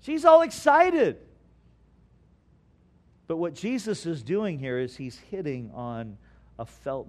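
A man preaching a sermon, reading scripture aloud and explaining it earnestly, swinging between loud stresses and hushed asides. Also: high voice. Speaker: pastor.

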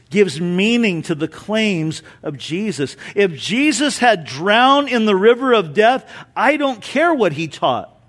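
A man preaching an Easter sermon as pastor, telling stories with humor and swinging between emphatic lines and hushed ones. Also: high voice. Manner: storytelling with humor.

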